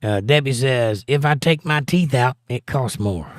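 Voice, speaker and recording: A man's voice: mid-range voice, a little slow, dry recording. A male livestream host reading viewer comments aloud and answering them with dry, joking asides in a casual chat.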